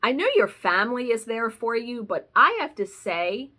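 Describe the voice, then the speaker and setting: A woman's voice: a little high, lively intonation, moderate pace, sharp tone. A woman vlogger telling a story in a casual, chatty way, swearing now and then. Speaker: cross-stitch vlogger.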